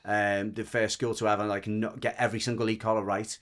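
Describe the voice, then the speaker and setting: A man with a Merseyside accent tells a story in a loose, conversational way. His voice sits a little low, and he wanders, restarts his sentences and swears freely as he talks. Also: little pitch movement, fairly quick, fairly bright tone. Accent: Merseyside English. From the Wirral, England. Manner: rambling, frank, restarts often, swears. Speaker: dog trainer and podcast guest. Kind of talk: casual storytelling chat.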